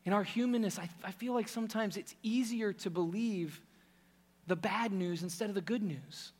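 A man preaching a sermon with passion, swinging from loud emphasis to hushed intensity. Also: high voice, moderate pace, long reverb tail.

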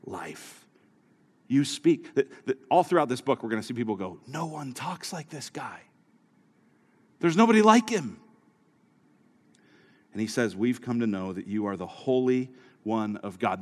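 A male pastor preaching a sermon who moves from quiet storytelling to raised, urgent exhortation. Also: medium pitch, expressive, normal speed. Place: church hall. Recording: live sermon with long hall reverb.

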